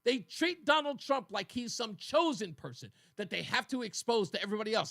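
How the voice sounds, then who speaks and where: Man, talk radio host, high bright voice, animated and mocking, studio mic. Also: brisk, hardly any pauses. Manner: animated, mocking, laughs often. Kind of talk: political talk radio monologue.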